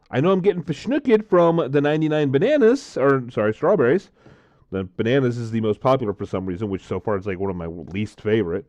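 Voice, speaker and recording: A man's voice: medium pitch, lively intonation, quick pace, darkish tone, dry recording. A man vlogging casually, tasting drinks and telling a story, rambling with lots of fillers.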